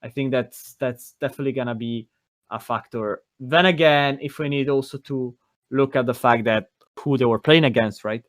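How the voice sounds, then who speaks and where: Male co-host, mid-pitched, thoughtful and chatty, dry close recording. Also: moderate pace, no room sound. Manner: thoughtful, conversational, checks in with "right?". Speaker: podcast co-host. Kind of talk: casual football analysis.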